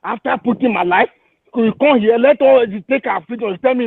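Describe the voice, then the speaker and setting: A man with a Nigerian English accent, calling in and ranting in fury, shouting and hurling repeated insults. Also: very high-pitched, fairly quick, creaky, breathy edge, no echo. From Igbo region of Nigeria. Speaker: caller. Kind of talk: angry call-in rant. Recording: tinny phone line.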